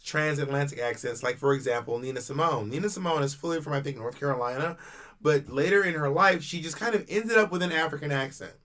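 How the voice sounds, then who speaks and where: A man's voice: fairly high pitch, fast, a bit bright. A man co-hosting a podcast, chatting casually, musing aloud and asking questions. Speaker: podcast co-host. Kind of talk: casual chat.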